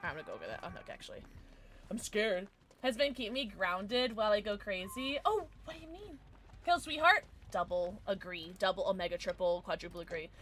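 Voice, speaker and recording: A young woman streaming a game live, chatting excitably with her viewers and reacting to the action. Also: medium pitch, brisk, a little hiss or hum. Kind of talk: casual gaming livestream chat.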